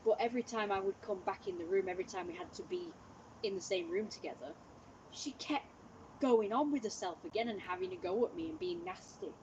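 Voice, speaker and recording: A woman's voice: medium pitch, fairly quick, darkish tone, lo-fi sound, a little hiss or hum. A woman livestreaming from home, telling a long story in casual, rambling chat full of "like" and restarts.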